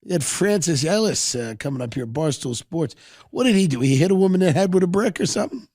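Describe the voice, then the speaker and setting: A man hosting a podcast, riffing in a sardonic, rambling comedic monologue with quick asides. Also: a little high, animated, a little mellow, no room sound, studio quality. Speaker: podcast host.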